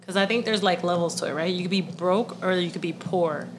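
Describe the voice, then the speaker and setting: A woman's voice: fairly low pitch, brisk, noisy background. A woman co-hosting a casual podcast, blunt and profane, a little congested, telling stories animatedly. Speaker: podcast co-host.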